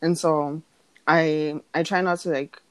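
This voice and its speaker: A woman's voice: sits low, slow, no echo. Woman telling a story in a dry room. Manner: animated storytelling, acts out quoted voices, laughs often. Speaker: podcast co-host. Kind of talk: casual chat.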